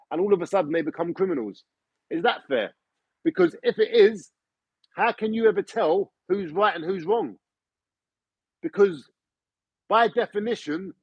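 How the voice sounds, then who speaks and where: A man's voice: a little high, slightly rough, dry recording. A man ranting in an opinionated monologue, swearing and firing off rhetorical questions. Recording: dull lo-fi recording.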